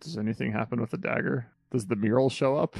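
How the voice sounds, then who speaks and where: A man's voice: mid-range voice, fast, creaky, darkish tone, slightly rough, no echo, soft background music. A man playing in a tabletop game, asking the game master eager questions. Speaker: player. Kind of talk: casual tabletop play.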